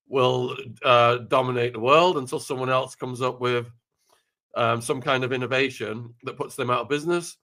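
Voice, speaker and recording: A man, hosting and questioning his guest in a measured way, summing up the points raised. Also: medium pitch, bright, forceful tone. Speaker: host. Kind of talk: interview questioning.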